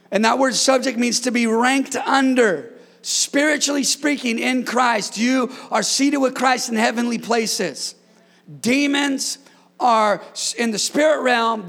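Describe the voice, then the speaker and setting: Male preacher, fired-up sermon delivery, high voice with a gravelly edge, jokes with the room. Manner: excitable, shouts commands, jokes with congregation. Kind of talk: energetic sermon.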